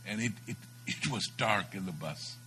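A man preaching a sermon, telling a story with dramatic swings between loud bursts and hushed moments. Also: fairly low pitch, lively intonation, moderate pace, a little hiss or hum, rough recording.

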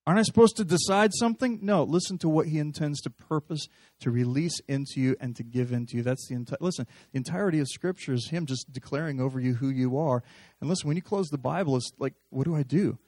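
A man preaching a sermon in a lively, conversational way, acting out little dialogues as he speaks to a live congregation. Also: mid-range voice, fast talker, no echo. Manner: animated, conversational, acts out dialogue.

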